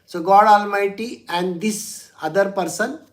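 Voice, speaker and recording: A man's voice: high voice, a little slow. A man, a spiritual teacher telling a religious story in a chatty way, with frequent chuckles and "you know" asides.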